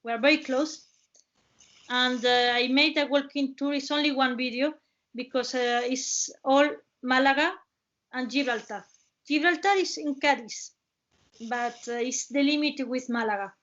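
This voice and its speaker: Woman host with an Andalusian accent, high voice, presenting over a dull, muffled video-call line in halting, restarting English. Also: fairly bright tone. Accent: Andalusian Spanish. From Cádiz province, Spain. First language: Spanish. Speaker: webinar host and travel guide.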